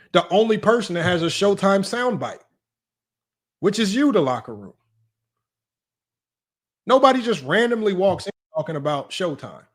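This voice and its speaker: A man hosting a casual sports livestream, teasing his chat, his voice jumping up in mock disbelief. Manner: animated, teasing, voice jumps high in mock disbelief. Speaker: livestream sports talk host.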